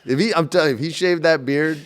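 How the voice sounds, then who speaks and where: A man in his forties, a guest in a casual interview, telling animated stories and acting out the people in them. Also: on the high side, fast. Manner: animated storyteller, acts out quoted voices.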